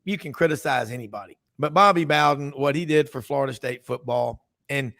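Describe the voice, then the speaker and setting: A man's voice: mid-range voice, brisk, vocal fry, fairly bright tone. A man hosting a sports radio talk show, telling rambling stories full of asides and restarts.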